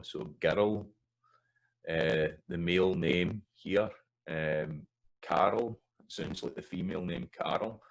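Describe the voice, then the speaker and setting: Very low-voiced Scottish man teaching. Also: low-quality recording. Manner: demonstrates sounds by saying example words and rhythms aloud. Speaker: language teacher. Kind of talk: explanatory talk over slides.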